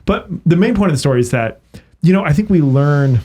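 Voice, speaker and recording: A man's voice: fairly high pitch, fairly quick, faint music behind. A man who is a priest, telling stories animatedly in a casual podcast conversation. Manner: animated storyteller. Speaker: priest guest.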